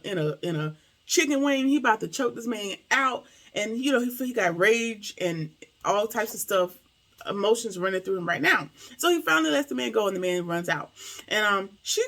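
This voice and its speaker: Woman recapping a tv episode, lots of slang, gravelly fry in her voice. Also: fairly high pitch. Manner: animated, slangy, acts out characters' lines. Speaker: TV episode reviewer. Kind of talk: casual recap and commentary.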